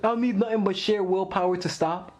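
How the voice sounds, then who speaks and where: A man hosting a live anime reaction video, excitable, laughing often and talking straight to his viewers. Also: high voice, fairly quick.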